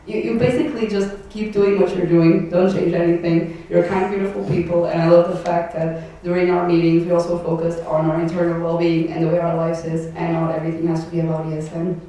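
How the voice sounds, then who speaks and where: A woman's voice: on the low side, little pitch movement, brisk, few pauses, mellow. A young Portuguese woman, a native Portuguese speaker, giving an emotional, rambling farewell speech with laughs between her thanks. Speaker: outgoing board member giving a closing speech. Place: large echoey event hall. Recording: echoey hall, distant mic, faint noise.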